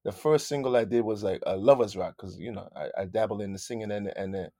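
A man's voice: on the low side, quick pace, warm tone, no room sound, clean studio sound. A man in his fifties with a light London accent, a musician telling stories in a casual interview, laughing and acting out other people's voices. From London, England. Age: 50s. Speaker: musician guest.

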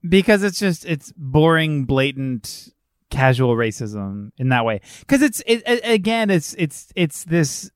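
Co-host, mid-pitched voice, dry close recording, rambling casual critique, swears. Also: very animated, unhurried, no echo. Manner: rambling, searching for words, swears. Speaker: podcast co-host. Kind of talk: casual film review chat.

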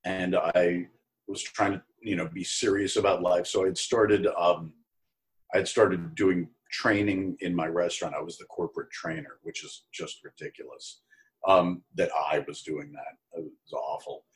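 A middle-aged man with a somewhat low voice spins a casual anecdote as a guest. He acts out the people in his story, leaping up in pitch for their lines, then settles back into an easy, chatty tone. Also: unhurried. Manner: animated storyteller who acts out quoted voices in a higher pitch. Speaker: actor telling a story as a guest.

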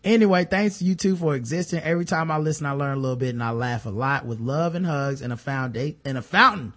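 A man co-hosting a podcast, chatting casually and reading listener emails aloud with low muttered asides. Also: fast talker, a bit bright. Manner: laid-back, drops into a low mutter for asides, reads letters aloud. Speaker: podcast co-host.

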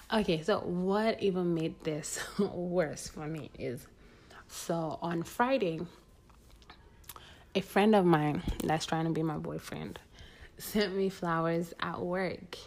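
A woman's voice: lowish voice, fairly even intonation, slow pace, pauses often, darkish tone, slight background noise. A young woman hosting a podcast, talking candidly in a casual advice monologue drawn from her own life. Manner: candid, conversational, sharing personal stories. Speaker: podcast host.

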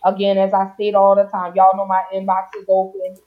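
A woman from Louisiana hosting a podcast in casual chat, playful and warm-hearted, singing out her greetings. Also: medium pitch, monotone, fairly quick. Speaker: podcast host. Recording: dull lo-fi sound.

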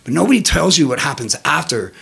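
Animated, profane man telling stories. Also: quick pace, creaky. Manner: animated, profane, jumps into high-pitched quotes of himself. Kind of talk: casual storytelling chat.

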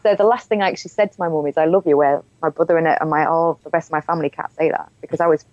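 A woman's voice: low voice, steady tone, racing, darkish tone, no echo, muffled recording. A woman telling her own story as an interview guest, candid and frank, often breaking into laughter. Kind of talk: personal storytelling in conversation.

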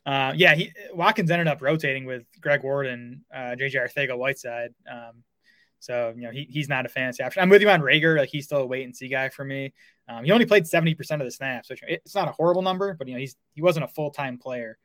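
A man's voice: mid-range voice, fairly bright tone, no room sound. A man co-hosting a fantasy football podcast, chatting casually with lots of fillers and restarts. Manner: fast, filler-heavy talk with restarts. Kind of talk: casual sports analysis chat.

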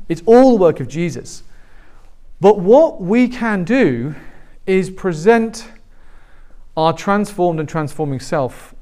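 A man in his forties preaching a sermon as pastor, telling stories and acting out the people in them. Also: high-pitched. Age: 40s. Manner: animated storytelling, acting out quoted voices.

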